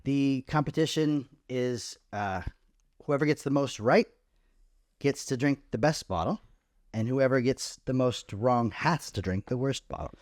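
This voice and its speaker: A man's voice: medium pitch, measured pace, darkish tone, no room sound. A laid-back man hosts a casual podcast and drops the occasional swear. His voice sits in a middle register. It is recorded dry, with no room sound. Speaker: podcast host. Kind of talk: casual chat.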